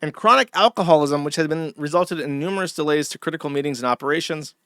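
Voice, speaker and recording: A man's voice: a little high, fast, bright, forceful tone, smooth, dry recording, studio quality. A man hosting a live stream, delivering sardonic and profane commentary. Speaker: streamer host.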